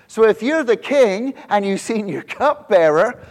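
A middle-aged male pastor preaching a sermon in church, telling the story with lively acted-out quotes and frequent restarts. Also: sits high, measured pace. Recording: long hall reverb.

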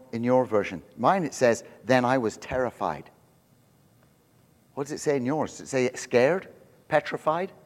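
A middle-aged male pastor preaching a sermon in church, telling the story with lively acted-out quotes and frequent restarts. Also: medium pitch. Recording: long hall reverb.

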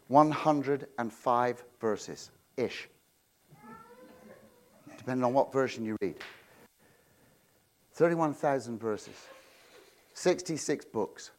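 A man preaching a sermon, swinging between loud proclamations and quiet asides, often repeating and restarting words. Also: medium pitch. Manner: self-interrupting, repeats words. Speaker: pastor.

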